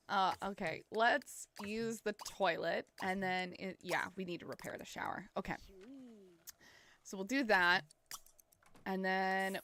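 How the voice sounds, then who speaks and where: A woman's voice: mid-range voice, lively intonation, slow pace, pauses often, a bit bright. A young woman with a Canadian accent chatting casually while streaming a game, giggling often. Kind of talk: casual gameplay commentary.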